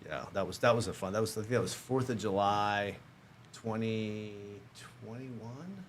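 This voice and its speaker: A man in his fifties with a lowish voice that swings widely up and down, telling a story with self-mocking humor. He talks casually as a podcast guest and acts out other people's lines. There is a faint hiss under the studio recording. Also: expressive, moderate pace.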